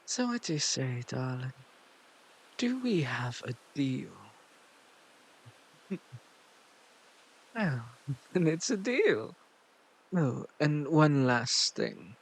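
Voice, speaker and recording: Playful male host with a gravelly voice. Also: medium pitch, sing-song, extremely slow, pauses often, a little hiss or hum. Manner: playful, flirty, laughs often. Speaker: channel host. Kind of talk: casual outro chat.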